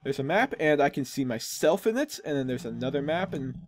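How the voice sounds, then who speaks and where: A young man hosting a gaming channel chats casually over gameplay, joking around and teasing himself with self-mocking asides. His voice is a little high, animated and brisk, in a dry recording.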